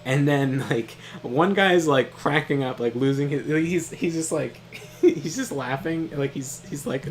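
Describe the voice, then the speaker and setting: A man's voice: fairly high pitch, unhurried, slight background noise. Laughing, swearing young man telling a story. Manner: animated, laughs often, swears casually. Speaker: co-host of a gaming stream. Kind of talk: casual storytelling while gaming.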